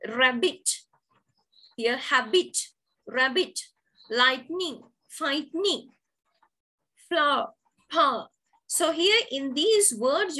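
A woman's voice: high voice, a bit bright, low-quality recording. A woman teacher giving an online poetry lesson, explaining terms step by step and repeating key words. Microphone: video call.

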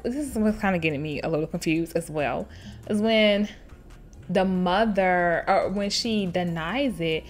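Animated, laughing woman storyteller. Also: mid-range voice, normal speed, soft background music. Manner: animated, expressive, laughs often; chatty, addresses listeners directly. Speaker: host reading and reacting to online stories. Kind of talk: casual storytelling with commentary.

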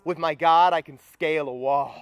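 High-voiced young man preaching. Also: normal speed, clean tone, dry recording. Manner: energetic, rallying the crowd. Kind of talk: sermon. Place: campus retreat gathering.

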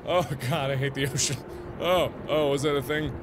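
A man's voice: fairly high pitch, steady tone, moderate pace, background noise. A man commentating his own gameplay, nervous and easily startled, with panicky exclamations and nervous laughs. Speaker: let's play host. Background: game music.

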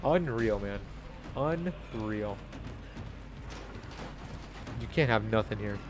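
A man doing live gameplay commentary as a streamer, profane and frustrated, breaking into loud shouts. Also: on the low side, lively intonation, takes it slowly, music in the background. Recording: noisy stream audio.

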